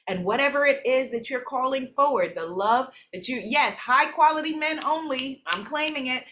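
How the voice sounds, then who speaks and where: A woman's voice: sits high, normal speed, hardly any pauses, a bit bright. A woman teaching a live spiritual workshop, speaking in repeated gratitude affirmations and laughing easily. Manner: affirming, repeats gratitude phrases, reads participants' comments.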